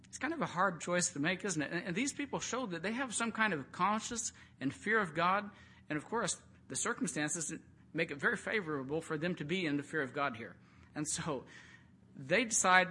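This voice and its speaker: A man's voice: a little high, lively intonation, brisk, bright, forceful tone, slightly rough. A man preaching a sermon, retelling a Bible story in a conversational way and acting out the quotes.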